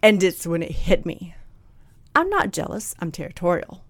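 A woman telling a personal story in a candid, blunt, animated way, acting out what people said. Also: on the low side, normal speed, dry recording. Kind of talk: casual storytelling chat.

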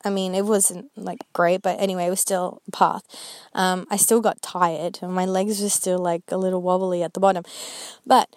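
A woman's voice: lowish voice, flat delivery, moderate pace, darkish tone, no room sound. A woman vlogger talking earnestly and rambling a little as she shares a Christian reflection, with many fillers. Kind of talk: casual faith reflection.

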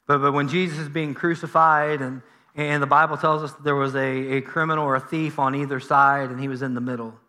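A man's voice: on the high side, sharp tone. A middle-aged man preaching a sermon in a conversational way, with frequent fillers and restarts. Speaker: pastor.

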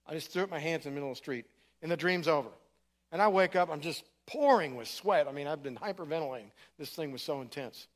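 A man's voice: a little high, fast talker. A middle-aged man preaching in a church, telling his story in a casual, conversational way. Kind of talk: sermon testimony.

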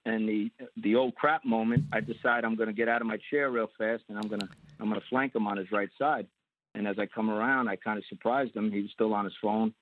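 A man from New York telling a story as an interview guest, animated and acting out the voices of other people. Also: on the low side, fast talker, dry recording. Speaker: guest, former undercover agent. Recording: tinny phone-like line.

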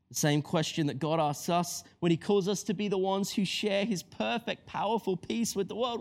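A man delivers a sermon in an animated storytelling manner. He jumps into the voices of the story's characters and then drops back to earnest teaching. His voice sits slightly higher than most men's. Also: fairly quick. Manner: animated storytelling, acts out voices of biblical figures. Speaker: preacher.

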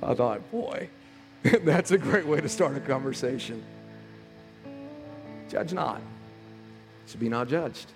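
A male pastor, preaching a sermon conversationally and swinging between loud, animated stretches and hushed ones. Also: medium pitch, slow, long pauses. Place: church sanctuary. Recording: long hall reverb with music behind.

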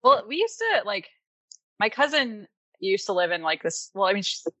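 Woman podcast host, bright and forward voice, loose chatty delivery with many fillers, dry close sound. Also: mid-range voice, sing-song, moderate pace, dry recording. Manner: chatty, filler-heavy, laughs often. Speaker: podcast co-host presenting research. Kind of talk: casual chat.

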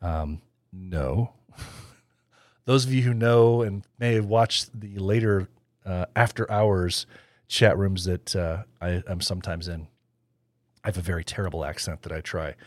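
A man's voice: low voice, fairly even intonation, moderate pace, no echo, clean studio sound. A man hosting a podcast, chatting casually and rambling, with frequent laughs. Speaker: podcast host.

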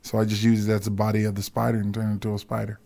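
A low-pitched man with a gravelly edge to his voice spins stories in a relaxed podcast chat. He laughs easily as he talks, a guest swapping tales with the hosts. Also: racing. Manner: storytelling, laughs while talking. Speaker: guest, football coach.

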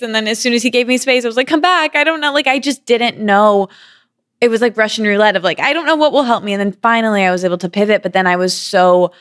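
A woman's voice: medium pitch, fairly bright tone, clear, resonant tone. A woman in her thirties telling a personal story in a candid, chatty way, full of "like" fillers. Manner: quick, chatty, frequent "like" fillers. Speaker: podcast guest.

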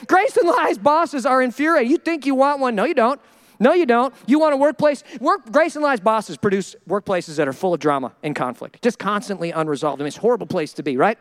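A middle-aged male pastor preaching a sermon, acting out quoted voices in an animated way. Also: extremely high pitch, fairly quick.

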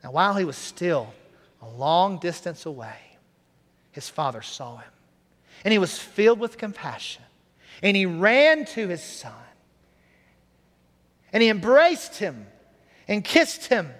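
A man preaching, retelling a story with earnest, drawn-out emphasis and soft drops. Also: high-pitched, very animated, big-room sound. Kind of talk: sermon storytelling.

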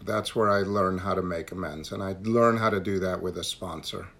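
A man's voice: low voice, steady tone, moderate pace, fairly bright tone. A man leading a recovery meeting on a call, talking earnestly and repeating phrases for emphasis. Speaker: meeting leader.

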